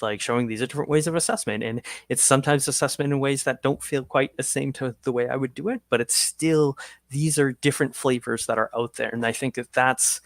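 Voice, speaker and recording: Brief: male panelist, mid-pitched, loose and hedging delivery, dry close audio. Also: no echo. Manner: rambling, hedging with "you know" and "like". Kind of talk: live webinar panel discussion.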